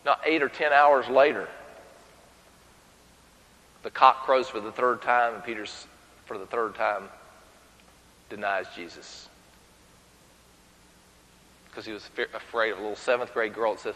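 A man's voice: on the low side, a little slow, long pauses, big-room sound, poor audio. A man preaching a sermon with humor, telling stories and acting out the people in them. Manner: animated, humorous storytelling with acted voices.

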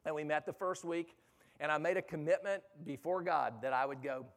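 Earnest middle-aged man preaching, slightly high. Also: brisk. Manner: earnest, repeats words in false starts, builds to emphatic urgency. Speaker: speaker addressing youth ministry leaders. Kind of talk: personal story within a sermon.

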